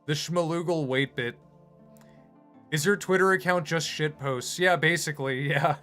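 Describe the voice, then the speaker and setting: Soft music runs in the background as this streamer and animator talks at normal speed in a fairly high, sharp-toned voice. He rambles through a casual livestream chat, often making self-deprecating remarks about himself.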